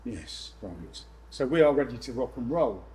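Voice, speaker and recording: A man presenting to a room of landlords, lively and jokey with exasperated asides. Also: mid-range voice, fast talker, a little hiss or hum, low-quality recording. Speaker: letting agent speaking at a landlord event. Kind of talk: live seminar presentation.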